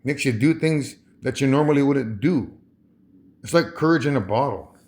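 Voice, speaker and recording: A man's voice: medium pitch, moderate pace, a little mellow. A man talking to camera in a rambling monologue, chuckling often and restarting his phrases. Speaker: vlogger.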